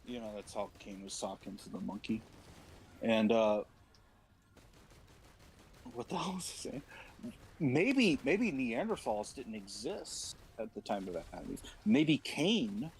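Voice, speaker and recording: A man's voice: mid-range voice, big pitch swings, unhurried, long pauses. A male streamer chatting casually and irreverently, wandering from point to point. His voice sits in a middle register with a faint hiss underneath. The talk is loose and rambling. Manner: rambling, irreverent, breaks into loud shouted impressions. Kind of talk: casual chat with put-on character voices.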